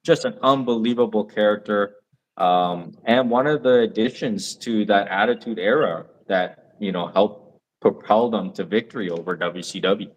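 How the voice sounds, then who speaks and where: A man's voice: on the low side, moderate pace. A young man co-hosting a podcast in casual chat, talking eagerly with lots of fillers. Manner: enthusiastic, rambling with fillers. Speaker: podcast co-host.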